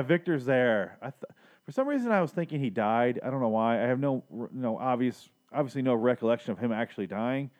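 Male recapper, middle pitch, loose and crude comic delivery, rambling asides. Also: darkish tone. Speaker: show recapper. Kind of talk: casual comedic recap.

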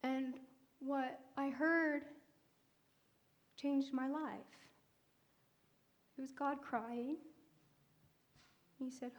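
A woman's voice: high voice, steady tone, very slow, pauses often, muffled recording. A woman preaching a sermon, telling a personal testimony in an earnest, conversational way with fillers and restarts.

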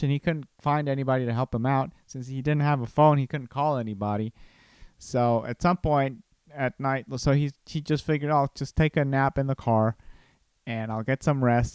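A young man talks casually on his podcast, winding through a personal story with restarts and asides. His voice is smooth and resonant at a middle pitch. The sound is close and dry, with no room around it. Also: no room sound. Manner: rambling, many restarts and laughs. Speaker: podcast host.

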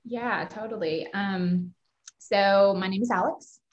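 A woman with a mild Kentucky twang chats warmly as a podcast guest, gushing and giggling between thoughts. Her voice sits at a middle pitch. The sound is muffled and lo-fi. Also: takes it slowly. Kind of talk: casual chat.

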